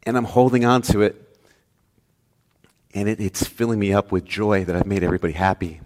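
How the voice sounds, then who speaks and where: A male pastor preaching a sermon, telling a story with lively swings between loud, emphatic lines and hushed, soft ones. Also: on the low side, brisk, long reverb tail.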